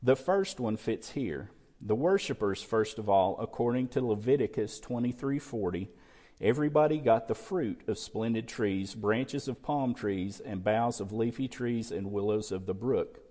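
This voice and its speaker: A man preaching in a church, his fairly low, mellow voice ringing with the long reverb of a big sanctuary. He works through scripture and keeps asking the congregation questions. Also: normal speed. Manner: expository preaching with rhetorical questions. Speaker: pastor. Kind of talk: sermon.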